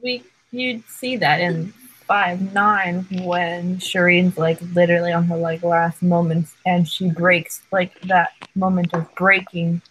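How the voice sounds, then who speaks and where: A woman's voice: fairly low pitch, fairly even intonation, takes it slowly, a bit bright, a little hiss or hum, rough recording. A woman in a casual fan discussion of a TV episode, rambling and filling her talk with "like". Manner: rambling, heavy use of "like".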